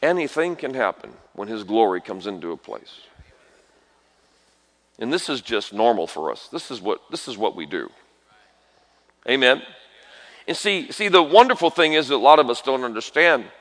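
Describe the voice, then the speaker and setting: A man with a drawl preaches in a large church hall, his bright, ringing voice swooping from hushed asides to shouted exhortations. He jokes, calls out to the congregation and waits on their answers, and a long reverb trails each phrase. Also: mid-range voice, normal speed, pauses often. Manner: animated, swings from quiet asides to shouted exhortations; folksy, jokey asides and call-and-response with the congregation. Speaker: guest preacher. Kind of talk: sermon.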